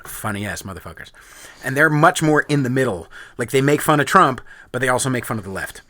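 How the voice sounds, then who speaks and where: Animated, profane podcast host man. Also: mid-range voice, brisk, no echo, studio quality. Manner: profane, animated, laughs often. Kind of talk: casual chat.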